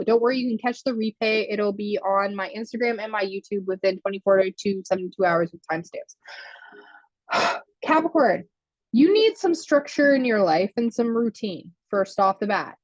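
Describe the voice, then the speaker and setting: A woman's voice: medium pitch, dry recording, muffled recording. A woman giving a chatty live tarot reading, laughing often and answering viewer comments as she goes. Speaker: tarot reader.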